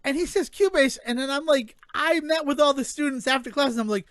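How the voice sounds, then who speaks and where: A man's voice: extremely high pitch, brisk, a bit bright, dry recording. A man in his thirties co-hosting a podcast, telling rambling stories with frequent chuckles. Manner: rambling storyteller, chuckles often. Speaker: podcast co-host. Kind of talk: casual chat.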